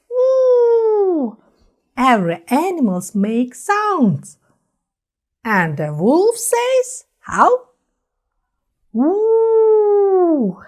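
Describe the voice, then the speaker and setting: A young woman teaching toddlers first words, speaking slowly with exaggerated, sing-song words. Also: fairly high pitch, mellow. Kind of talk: toddler speech lesson.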